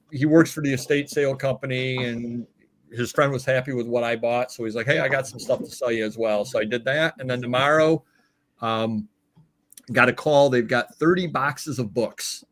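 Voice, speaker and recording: A male host of a live online chat show tells long, meandering stories. He pauses often with filler words, and his voice sits at a plain middle pitch. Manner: rambling anecdotes with filler words.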